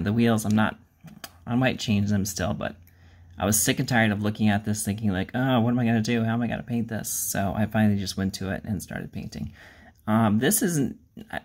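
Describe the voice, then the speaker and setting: A man hosting a miniature-painting channel, talking casually in a rambling, self-deprecating way, with plenty of ums and uhs. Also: fairly low pitch. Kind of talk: casual hobby vlog.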